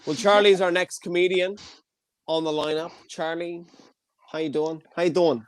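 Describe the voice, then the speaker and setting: A man's voice: fairly high pitch, fairly even intonation, normal speed, smooth. A man hosting a comedy show, joking with the comedians and bringing on the next one. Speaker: show host. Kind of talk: casual banter, introducing comedians.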